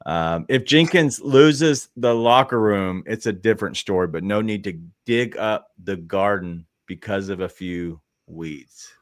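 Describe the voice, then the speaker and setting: A man co-hosting a casual sports talk show, rambling through his points with restarts and quick asides. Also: lowish voice, no echo, clean studio sound. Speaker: podcast co-host.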